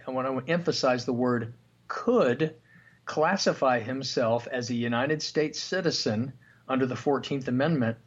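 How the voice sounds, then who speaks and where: A man at mid pitch hosts a podcast in an explanatory way. He reads legal documents aloud and stops to pose questions. The recording sounds dull and lo-fi. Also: husky. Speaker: podcast host.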